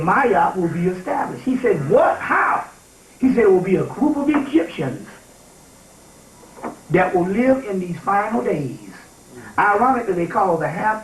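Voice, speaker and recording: A man giving an informal spiritual lecture to a live audience, animated and emphatic, often checking in with his listeners. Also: sits high. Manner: animated and emphatic, often asks "you see what I'm saying?". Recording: echoey room, taped from far off.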